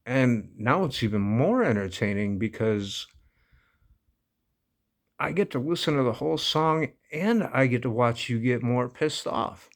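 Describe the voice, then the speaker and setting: A man's voice: medium pitch, expressive, measured pace. A man casually telling a personal story, laid-back and amused, often breaking into laughter. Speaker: vlogger.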